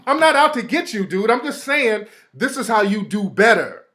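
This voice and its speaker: Animated, profane man ranting on his show. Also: high-pitched, normal speed. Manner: profane, heated, reading texts aloud. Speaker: show host. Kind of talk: casual live rant.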